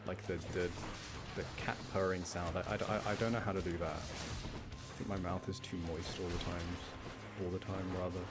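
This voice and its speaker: A man's voice: low voice, level tone, moderate pace, loud music behind the voice. A young man chatting casually to his live chat while he plays a game, rambling from thought to thought. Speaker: live streamer.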